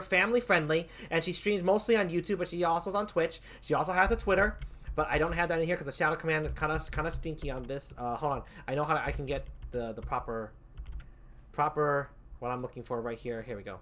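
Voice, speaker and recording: A man hosting a livestream, doing playful improv game banter with a hammy, animated manner. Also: a little high. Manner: animated, hammy, laughs often. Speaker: stream host.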